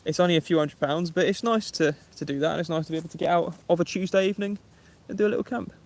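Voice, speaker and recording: A friendly young man with an Essex English accent talks casually on a live stream, greeting viewers by name. His voice sits a touch high for a man. He speaks outdoors from a woodland campsite. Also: very fast, gravelly. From England. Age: 20s. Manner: chatty, friendly, reads viewer names aloud. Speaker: vlogger. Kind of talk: live-stream chat, reading comments.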